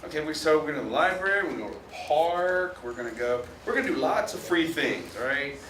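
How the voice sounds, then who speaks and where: A man's voice: fairly high pitch, expressive, fast, background noise. A man giving a classroom lecture, chatty, often checking in with "right?". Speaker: university lecturer. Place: lecture hall. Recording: echoey lecture hall from far off.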